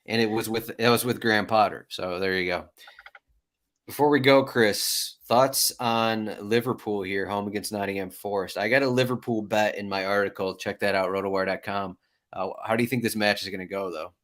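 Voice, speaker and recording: A man with a fairly low voice hosts a betting podcast. He keeps things chatty and upbeat, tossing questions to his co-host. He signs off with quick plugs for the website. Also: fairly even intonation, fairly bright tone. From Michigan. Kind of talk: casual chat.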